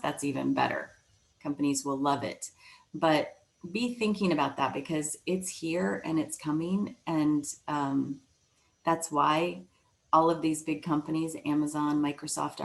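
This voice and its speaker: A woman's voice: sits low, vocal fry, rough recording. A woman speaking as a webinar presenter on leadership, talking conversationally with frequent fillers and restarts over a video call mic. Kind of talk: presentation talk.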